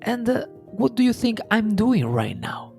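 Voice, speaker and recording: A man voicing a calm, contented fisherman who keeps mildly asking questions with hesitant fillers. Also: sits high, unhurried, vocal fry, faint music behind, pitched above the performer's own voice, exaggerated voice. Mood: calmly curious.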